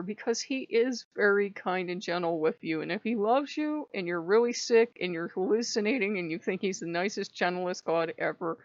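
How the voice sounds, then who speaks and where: A woman's voice: medium pitch, animated, moderate pace, dry recording. Sick woman rambling frankly on her vlog, dry slightly muffled sound. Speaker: channel host. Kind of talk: casual vlog monologue. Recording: dry, slightly dull recording.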